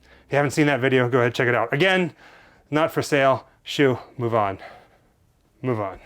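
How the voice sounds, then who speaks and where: A man's voice: medium pitch, fairly quick, fairly bright tone. A man co-hosting a collectors' vlog, showing items in a playful, jokey, showman-like way. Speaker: collector co-host.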